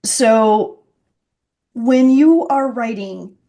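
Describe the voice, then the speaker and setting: A woman hosting a casual podcast interview, winding her way through long questions and restarting herself as she goes. Her voice sits a little higher than most women's. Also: very slow, dark tone. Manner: asks long meandering questions with many restarts. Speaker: podcast host.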